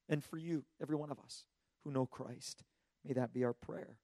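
A slightly hoarse man preaching a sermon in an earnest, emphatic way, asking rhetorical questions and often restarting his words. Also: mid-range voice, steady tone, fairly quick, warm tone, no echo, studio quality. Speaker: pastor.

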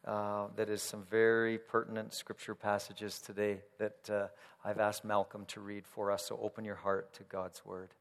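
A man's voice: on the low side, monotone, moderate pace. A male pastor leading a service in a conversational way, with frequent fillers. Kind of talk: sermon. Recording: reverberant church hall.

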